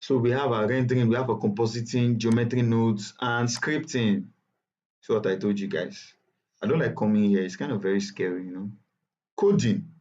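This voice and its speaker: A man with a Nigerian English accent teaching a live online software class, chatty and repetitive, often correcting himself. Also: medium pitch, normal speed, dull audio. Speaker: bootcamp instructor.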